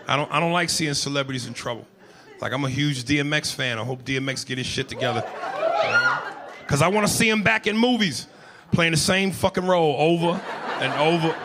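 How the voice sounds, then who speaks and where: Profane stand-up comic, loud crowd. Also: male voice, on the high side, noisy background. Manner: loose, profane storytelling with bursts of shouted impressions. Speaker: stand-up comedian. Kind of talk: stand-up comedy set. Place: comedy club stage. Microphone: handheld stage mic. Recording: live club recording with crowd laughter.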